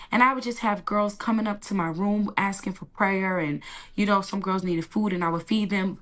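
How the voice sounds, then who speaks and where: A woman giving an emotional personal testimony in an interview, animated and colloquial, acting out the lines she quotes. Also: mid-range voice, normal speed. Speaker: interview guest.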